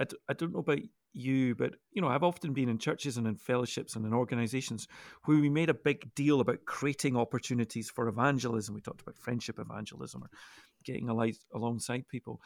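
A man's voice: mid-range voice, vocal fry, no room sound, studio quality. A man, co-hosting a Bible discussion and explaining his thinking at length, often restarting his sentences. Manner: thoughtful, explanatory, with frequent restarts. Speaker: co-host of a Bible discussion podcast. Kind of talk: casual discussion.

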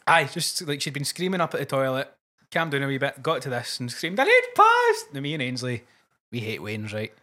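Scottish male podcast co-host, quick and bright, animated storyteller. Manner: animated storytelling, mimics shrill voices. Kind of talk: casual chat.

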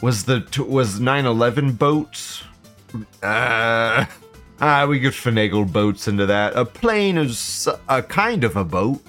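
An American man hosting a casual commentary show, crude and sarcastic, swearing and jumping between mumbled asides and loud outbursts. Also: mid-range voice, animated, slow, faint music behind. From United States. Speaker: show host.

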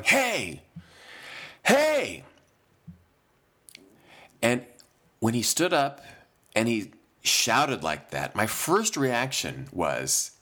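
A man's voice: on the low side, a bit bright. A man preaching a sermon, earnest and reflective, often restarting his phrases. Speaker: pastor.

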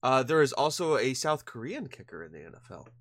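A man's voice: mid-range voice, very animated, fairly quick, no room sound. A tired man co-hosting a casual podcast. He jokes around, laughs often and restarts his sentences. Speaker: podcast co-host.

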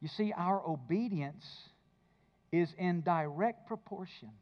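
High-voiced preacher, hushed then emphatic. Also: male voice, measured pace, lo-fi sound. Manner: swings from hushed intimate tones to loud emphatic preaching. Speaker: pastor. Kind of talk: sermon.

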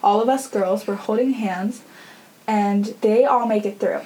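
A woman's voice: medium pitch, unhurried, dark tone, poor audio. A young woman hosting a podcast, telling a story in a chatty, casual way full of fillers and laughter. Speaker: podcast host.

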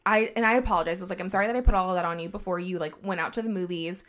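Woman ranting about a guy on a podcast, animated, lots of "like", does his texts in her voice. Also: on the low side, very fast. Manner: animated, heavy use of "like", quotes people in her own voice. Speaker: podcast guest telling a story. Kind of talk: casual storytelling chat.

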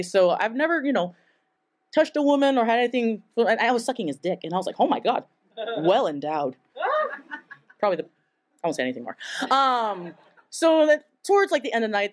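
A woman's voice: on the high side, a little hiss or hum. A young woman from Taiwan telling a story on stage at a live event, chatty and casual, full of "like" and laughing often. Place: live event in front of an audience.

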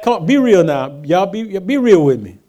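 High, lively-voiced male preacher. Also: moderate pace. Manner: call-and-response preaching, rhetorical questions to the congregation; swings between hushed asides and loud emphatic lines. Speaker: pastor. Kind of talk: sermon.

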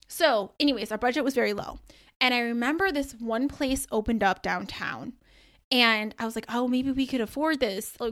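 Animated young woman telling a story. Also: on the high side. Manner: animated storytelling with many likes and ums. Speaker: podcast host and career coach. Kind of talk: casual faith-based podcast talk.

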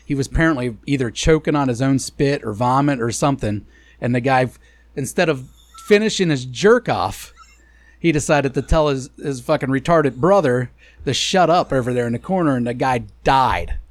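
A man's voice: medium pitch, normal speed, no room sound. A man co-hosting a podcast, telling a crude story with lots of profanity and laughing through it. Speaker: podcast co-host.

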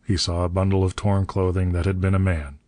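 A man reading an adventure story aloud as an audiobook narrator, steady and measured. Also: low-pitched, dry recording.

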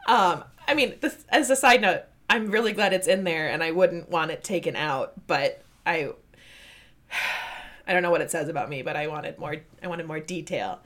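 A woman's voice: lowish voice, moderate pace. Chatty woman podcast co-host. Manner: chatty, laughs often, trails off softly. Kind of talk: casual book discussion.

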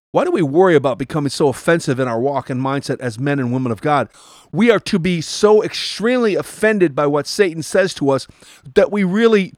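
A man giving an emphatic devotional teaching, acting out short voices in quick asides. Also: a little high. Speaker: preacher.

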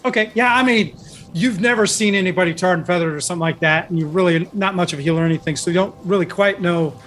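A man's voice: sits high, fast talker, fairly bright tone. A man narrating a tabletop role-playing game as game master, describing the scene in a rambling way with lots of ums and restarts. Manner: rambling, many fillers and restarts.

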